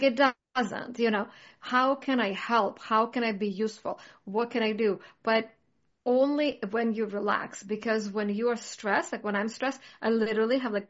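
Earnest reflective woman, slightly high voice, casual chat, muffled lo-fi sound. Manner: earnest, reflective, many "like" fillers.

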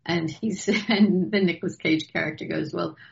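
A woman in casual conversation, reflective and quick to laugh. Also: on the low side, vocal fry. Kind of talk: casual chat. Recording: slightly dull lo-fi sound.

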